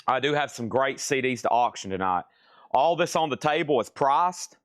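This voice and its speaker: A relaxed man with a drawl hosts a live sale in a loose, joking, chatty way. His voice sits at an ordinary middle pitch. It is recorded close and dry, with no room sound. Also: normal speed, dry recording. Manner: laid-back, chatty, joking while eating. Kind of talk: casual live-stream chat.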